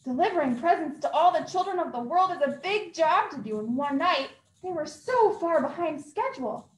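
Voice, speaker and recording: A woman librarian reads to children with a bright, high voice that leaps and dips through every line. She acts out the sound effects with gusto. The sound is roomy and echoey, as in a library hall. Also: moderate pace. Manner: highly expressive, acting out sound effects. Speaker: youth services librarian. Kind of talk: children's story time read-aloud. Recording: echoey room.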